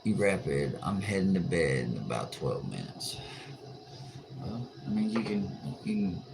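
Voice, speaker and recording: A tired man with a low voice hosts a late-night livestream, reading comments and joking back in an easygoing way. His audio comes through with clear background noise. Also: sing-song, unhurried. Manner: laid-back, joking, reads and answers chat comments. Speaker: livestream host.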